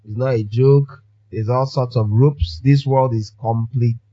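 Emphatic pastor, dull recording. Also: male voice, mid-range voice, fairly even intonation, unhurried, mellow, husky. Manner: emphatic, repeating phrases for effect. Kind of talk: sermon.

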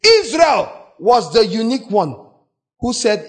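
Man, preacher, sermon, high voice, very lively pitch, sudden shouts. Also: unhurried. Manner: animated, dramatic, acts out quoted voices, sudden shouts.

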